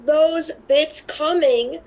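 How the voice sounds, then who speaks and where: A woman with a high voice that carries a gravelly fry makes quick, brisk announcements to the stream. Her delivery stays casual and direct. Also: a little mellow. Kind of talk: casual chat on a live stream.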